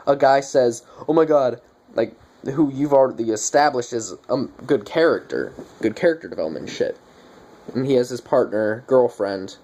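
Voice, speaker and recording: A man's voice: mid-range voice, warm tone. A young man giving a casual movie review, ranting in a profane, exasperated way.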